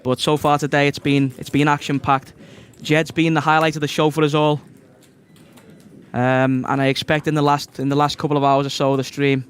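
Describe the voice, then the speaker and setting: A man with a Scouse accent giving live poker commentary on a stream, excitable and quick to shout when big cards fall. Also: fairly high pitch, clear, resonant tone.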